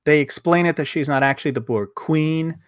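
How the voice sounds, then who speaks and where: A man's voice: fairly high pitch, a little fast, smooth, no room sound, studio quality. A man hosting a casual podcast review of a TV episode, rambling along with lots of fillers, restarts and swearing.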